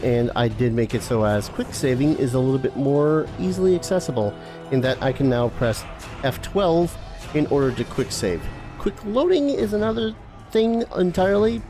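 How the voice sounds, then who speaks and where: A man casually commenting on a game he is playing, excitable and quick to swear at setbacks. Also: a little high, soft background music. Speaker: streamer playing a video game.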